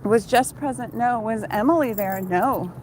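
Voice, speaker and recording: A woman's voice: on the high side, normal speed, a little mellow, slight background noise, low-quality recording. Chatty woman vlogging on a night walk. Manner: chatty, swears casually, laughs often. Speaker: vlogger and former TV costumer. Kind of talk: casual chat while walking dog, reading viewer questions. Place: outdoors on a town street at night.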